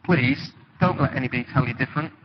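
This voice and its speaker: A man preaching a sermon in a church, conversational and animated, telling stories with sudden dramatic emphasis. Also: mid-range voice, quick pace. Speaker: pastor. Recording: dull, lo-fi with loud background noise.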